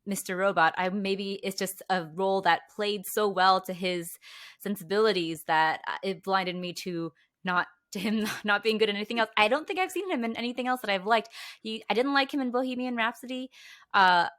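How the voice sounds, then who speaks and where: A woman's voice: mid-range voice, brisk, a bit bright. A woman on a film podcast panel, speaking in a thoughtful, hesitant way with small laughs in casual chat.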